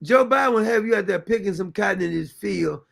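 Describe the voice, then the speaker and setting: A man hosting a talk show, commenting loudly and incredulously on played clips. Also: sits high, brisk, gravelly. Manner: incredulous, loud outbursts, frequent laughter. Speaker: show host. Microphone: streaming mic.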